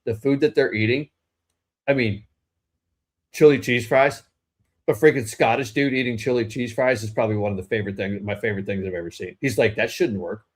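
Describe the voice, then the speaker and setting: A man co-hosting a casual political talk podcast, speaking at an ordinary middle pitch. He rambles in an opinionated way and often trips over himself, restarting his sentences mid-thought. The delivery is loose and conversational. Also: fairly quick. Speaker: podcast co-host.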